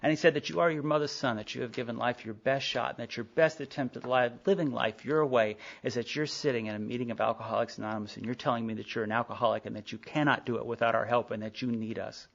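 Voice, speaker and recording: A man's voice: medium pitch, steady tone, fast talker, creaky, few pauses. A middle-aged man telling his recovery story to a meeting, candid and conversational, with many asides and acted-out dialogue. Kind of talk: personal recovery story told to a group. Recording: dull lo-fi tape of a live meeting talk.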